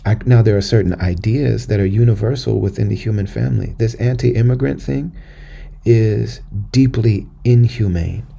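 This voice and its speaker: An American man talks through a personal story on his podcast, earnest and conversational, circling back over his words. His voice is low, dark and mellow, with a heavy gravelly fry. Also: normal speed. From United States. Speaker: podcast host. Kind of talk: personal monologue.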